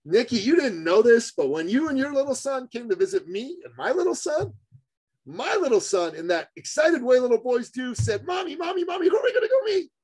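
A man's voice: extremely high pitch, sing-song, brisk, darkish tone, breathy edge, pitched above the performer's own voice, exaggerated voice, rough recording. A man putting on the voice of a tearful, grateful mother who speaks earnestly.

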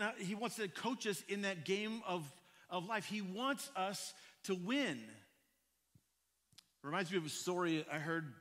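A male pastor telling a story in a sermon, animated and often repeating his first words. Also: fairly high pitch. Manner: animated, repeats words when starting sentences. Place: church. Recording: echoey church hall.

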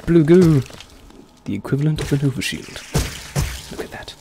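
Young male streamer, gravelly voice, playful banter with chat, faint background noise. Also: mid-range voice, very animated, normal speed. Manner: playful, chatty, laughs often, talks to chat. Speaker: gaming streamer. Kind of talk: casual live-stream commentary.

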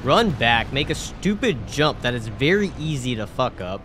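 A man's voice: mid-range voice, very animated, normal speed, few pauses, a bit bright, a little hiss or hum. A man narrating his own gameplay in a dry, sarcastic voice-over, swearing casually. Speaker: gaming YouTuber.

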